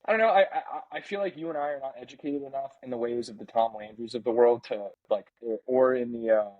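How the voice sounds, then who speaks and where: A man co-hosting a casual sports podcast, ranting with big swings in pitch and level and slipping into mock impressions of ads. His voice is mid-pitched and ordinary, and his delivery is loose and excitable. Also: quick pace, narrow, tinny audio. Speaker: podcast co-host.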